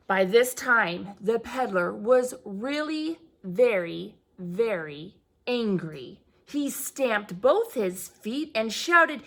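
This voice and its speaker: A woman preschool teacher reading a picture book aloud to young children, expressive and asking them questions along the way. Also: medium pitch, slow.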